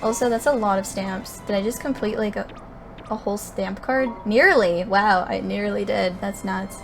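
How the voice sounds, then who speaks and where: A young woman giving excitable, swearing commentary while playing a game. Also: medium pitch, moderate pace, soft background music. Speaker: gaming streamer. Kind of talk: casual gameplay commentary.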